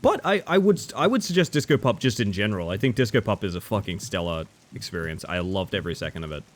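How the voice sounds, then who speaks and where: An Australian man streaming a horror game, chatting with viewers in a playful, rambling, self-mocking way that swings between goofy and deadpan. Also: fairly low pitch, fast. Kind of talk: casual live-stream commentary.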